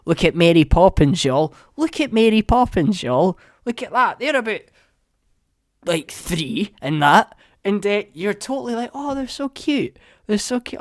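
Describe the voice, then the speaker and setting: A Scottish man hosting his own podcast, casually reviewing a show in an animated, mocking way that swings from muttering to loud outbursts. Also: a little high, no echo, clean studio sound. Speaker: podcast host.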